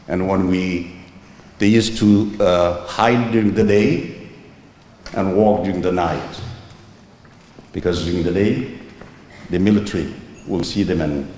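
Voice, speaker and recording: A man from Somaliland recounting events in slow, measured storytelling. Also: deep voice, darkish tone. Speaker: speaker recounting history. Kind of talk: spoken recollection. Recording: echoey hall, faint noise.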